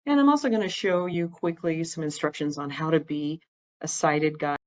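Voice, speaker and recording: A woman's voice: deep voice, moderate pace, low-quality recording. A woman, giving a plain-spoken, chatty educational talk about eye care as an ophthalmic imager. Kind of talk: informal educational presentation with slides.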